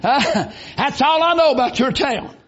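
A man preaching a revival sermon in church, folksy and rising into shouted bursts. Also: very high-pitched, expressive, unhurried. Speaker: visiting preacher. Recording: dull lo-fi recording.

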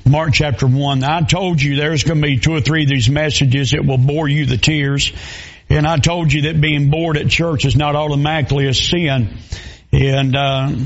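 Preacher, folksy storytelling sermon. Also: male voice, medium pitch, highs cut off. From Southern US. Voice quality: folksy, storytelling with dialect grammar. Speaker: pastor.

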